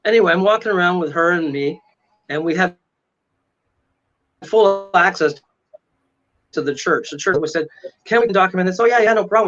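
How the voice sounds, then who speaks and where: A man's voice: high voice, fairly bright tone. A man, a paranormal investigator, telling a story dramatically as a guest and acting out the voices and sounds in it. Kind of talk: animated storytelling. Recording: dull lo-fi audio.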